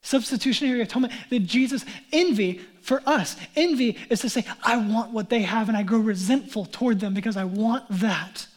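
A male pastor in his thirties giving a sermon, chatting through a family story and then building to earnest emphasis, sometimes dropping to a hushed near-whisper. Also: high-pitched, brisk, hardly any pauses. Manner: drops to a hushed near-whisper on key lines.

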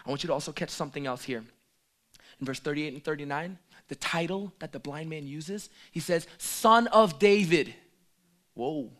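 A man preaching a sermon, swinging from hushed asides to loud, emphatic calls. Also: on the high side, fairly even intonation, brisk.

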